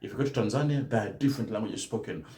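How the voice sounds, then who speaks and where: A man's voice: on the low side, racing, a little mellow, echoey room. A man teaching German learners in a live-stream talk, speaking emphatically and often adding "right?" to his points. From Kenya. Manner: emphatic, tags statements with "right?".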